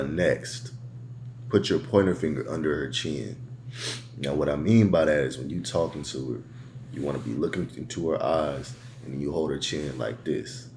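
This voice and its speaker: A man giving crude bedroom advice in a slow, laid-back casual monologue, heavy on street slang. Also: very deep voice, a little mellow, slight background noise. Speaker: dating advice host.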